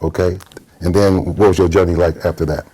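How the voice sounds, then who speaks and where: A man's voice: sits low, little pitch movement, fairly quick, mellow, rough recording. A middle-aged man hosting a casual interview and prompting his guest with short affirmations. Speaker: podcast host.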